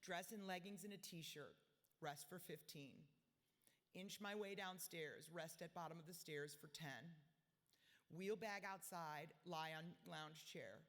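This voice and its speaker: Speaking a little slowly, a woman in her forties with a lowish, slightly bright voice reads a personal speech in diary form at a gala. She comes across as blunt and self-mocking, and the hotel ballroom around her echoes long and loud.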